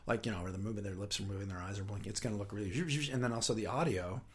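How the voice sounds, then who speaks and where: Low-voiced rambling man, interview guest. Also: fairly even intonation, very fast, breathy edge. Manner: chatty, rambling, restarts sentences. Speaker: guest, puppetry writer and director. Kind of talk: casual interview talk.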